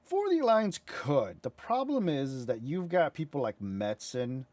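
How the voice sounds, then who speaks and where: A man chatting casually as he reacts to game cinematics, excitable, rambling and profane. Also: fairly high pitch, moderate pace, dry recording. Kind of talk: casual chat.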